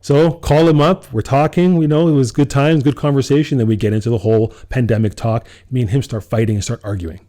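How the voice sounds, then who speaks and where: A man's voice: medium pitch, fairly even intonation, fairly quick, few pauses, dark tone. A man co-hosting a podcast, telling a personal story in casual chat, acting out his own quoted lines and laughing often. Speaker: podcast co-host.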